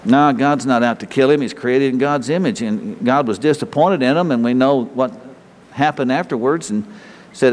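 A man's voice: mid-range voice, moderate pace, slight background noise. A man preaching a sermon in a folksy, conversational way, often restarting phrases and chuckling. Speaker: pastor. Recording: reverberant hall.

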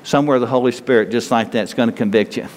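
A man's voice: mid-range voice, rapid-fire, in a large hall, slight background noise. A man preaching a sermon to his congregation in a folksy, joking manner, talking straight to the people in front of him. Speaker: pastor.

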